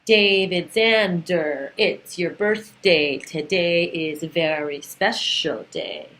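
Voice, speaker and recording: A woman recording a gushing birthday message for a friend, halting often with fillers. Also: fairly low pitch, fairly bright tone, a little hiss or hum, rough recording. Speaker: friend giving a birthday tribute. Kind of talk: heartfelt spoken birthday message.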